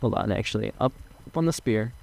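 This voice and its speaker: Excitable young man playing a game. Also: lowish voice, fast, creaky. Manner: chatty, excitable, swears and laughs often. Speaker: gaming streamer. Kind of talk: casual let's-play commentary.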